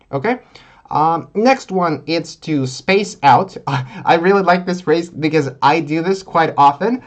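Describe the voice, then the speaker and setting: Man teaching English slang at a relaxed pace. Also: a little high. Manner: relaxed, explains slowly with many fillers. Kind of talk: live online English lesson.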